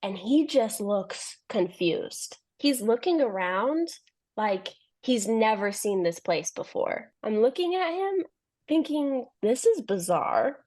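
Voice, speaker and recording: A woman's voice: a little high, sing-song, slow pace, a little mellow. A young adult woman, a podcast guest, telling a long story in casual chat, laughing often and acting out what people said.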